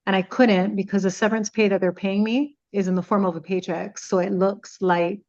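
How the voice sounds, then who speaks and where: Radio personality, woman, middle-aged; lively storyteller who acts out the dialogue, medium pitch, slightly dull lo-fi sound. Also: brisk. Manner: animated retelling, acting out quoted dialogue. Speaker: radio personality, podcast guest. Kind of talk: casual storytelling in conversation.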